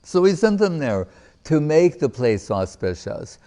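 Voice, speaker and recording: Slow, deliberate male spiritual teacher. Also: fairly high pitch, very animated, dark tone. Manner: asks rhetorical questions and answers them; recites verses in Sanskrit and Bengali and explains them. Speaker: spiritual teacher giving a discourse. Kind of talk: devotional lecture to a live audience.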